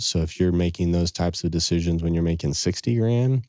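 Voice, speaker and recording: Low, mellow middle-aged man. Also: a little fast, no echo, clean studio sound. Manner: earnest, quotes scripture and sayings. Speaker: financial advisor, podcast guest. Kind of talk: casual storytelling in conversation.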